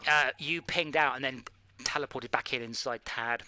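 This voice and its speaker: A British man hosting a live sim-racing stream, chatting casually and bursting into loud shouts at other drivers. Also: mid-range voice, normal speed. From Britain. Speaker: stream host and server admin.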